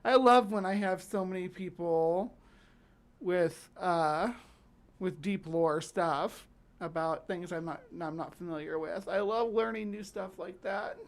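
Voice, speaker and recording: A woman's voice: on the low side, measured pace. A woman hosting a casual livestream, chatty and rambling as she reads aloud and reacts to viewers. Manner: chatty, rambling, reading aloud with fillers and restarts. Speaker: livestream host.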